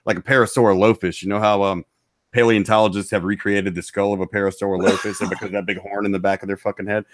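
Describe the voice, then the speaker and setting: A hoarse man, a voice actor, talking crudely and jokingly as a podcast guest. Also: fairly low pitch, flat delivery, fast talker, no room sound, studio quality. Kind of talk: casual podcast chat.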